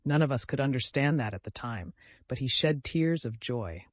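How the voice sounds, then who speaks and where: A man reading a classic novel aloud as audiobook narrator, measured and gentle. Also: medium pitch, animated, no echo.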